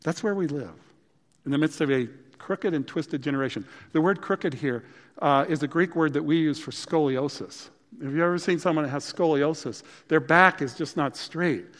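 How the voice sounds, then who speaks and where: A male pastor delivering a sermon in a relaxed, chatty manner that swells into loud, emphatic bursts. His voice sits a little higher than most men's. The sound carries a long reverb, as in a church sanctuary. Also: normal speed. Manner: conversational, emphatic preaching with sudden loud bursts.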